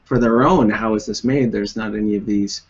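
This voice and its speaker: A man's voice: lowish voice, steady tone, moderate pace, slightly rough, dull audio. A man hosting an interview, asking curious, playful questions in a casual chat. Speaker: podcast host.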